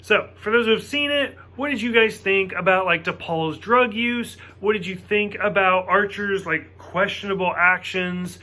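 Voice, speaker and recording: Bright, high-voiced man ranting a review. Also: normal speed, hardly any pauses. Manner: emphatic and worked up, swears freely. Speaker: TV episode reviewer. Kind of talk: casual spoken review to camera.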